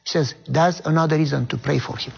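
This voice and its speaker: Gravelly-voiced man telling a story. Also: a little high, fast talker, dull audio, a little hiss or hum. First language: not English. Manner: animated, acts out quoted voices. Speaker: guest minister. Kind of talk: storytelling in an interview.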